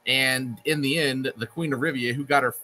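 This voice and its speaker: A man's voice: mid-range voice, steady tone, normal speed, pushed and bright, soft background music. A man in a casual book discussion, talking in a rambling, hesitant way and swearing casually.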